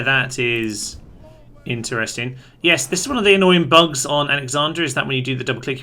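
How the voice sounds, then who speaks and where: A man's voice: medium pitch, bright, forceful tone. A young man giving upbeat, chatty commentary on a strategy game and calling orders to his units. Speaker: gaming channel host.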